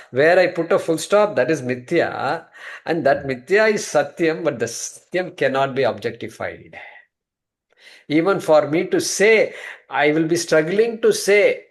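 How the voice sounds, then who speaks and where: A man teaching a scripture class, asking himself questions and answering them. He swings from emphatic high points to quiet low asides. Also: lively intonation, a little slow. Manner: rhetorical questions, answering himself, repeated restarts. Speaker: Vedanta teacher.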